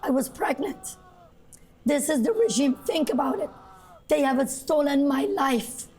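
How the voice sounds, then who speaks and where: Hoarse impassioned woman with an Iranian accent. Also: sits high, animated, unhurried, a little mellow, a little hiss or hum. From Iran. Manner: impassioned, emphatic. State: hoarse, lost voice. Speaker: guest journalist. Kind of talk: live TV interview.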